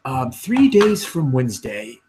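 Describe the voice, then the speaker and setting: A man's voice: mid-range voice, big pitch swings, measured pace, noisy background, voice pushed up. A nosy young hobbit clerk, played by a man in a somewhat raised voice, prim and officious. He fusses over procedure in the manner of a small-town gatekeeper.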